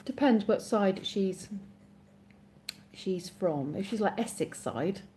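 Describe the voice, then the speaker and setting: A woman with an English accent from Oxfordshire, chatting casually as a live streamer and reading viewer comments aloud. She rambles and corrects herself mid-sentence, in a mellow, warm voice at a middling pitch. A faint hiss of noise sits behind her. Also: animated, slow pace. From Oxfordshire, England.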